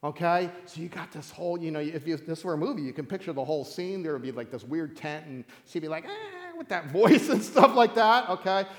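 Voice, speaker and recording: A man preaching as a pastor, telling a Bible story like a campfire tale, animated and joking, acting out voices and laughing often. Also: on the high side, a little fast, hardly any pauses, in a large hall. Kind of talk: sermon told as a playful campfire story.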